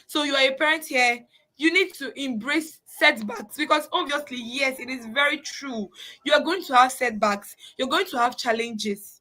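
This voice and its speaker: A woman's voice: sits high, pushed and bright, low-quality recording. A woman teaching parents of children with special needs, in an earnest, repetitive way. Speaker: parenting coach. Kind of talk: informal teaching talk.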